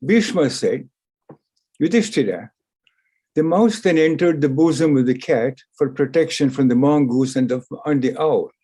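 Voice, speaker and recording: A man lecturing on scripture, retelling an ancient story in a deliberate discourse, repeating phrases for emphasis. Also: medium pitch, lively intonation, dark tone, slightly rough.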